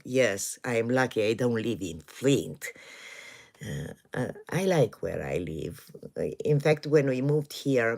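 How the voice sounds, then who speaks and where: A woman's voice: rumbling low, vocal fry, darkish tone. A woman in her sixties from Romania with a Romanian accent, chatting casually and hesitantly on a live stream from her home. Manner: hesitant, many pauses and fillers, chuckles often. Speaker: livestream host. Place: home in the woods.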